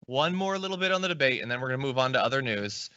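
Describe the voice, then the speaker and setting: A man's voice: medium pitch, animated, rapid-fire, sharp tone, smooth, no echo. A man hosting a political commentary show, talking in a casual, wry way. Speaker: host. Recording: dry, dull lo-fi sound.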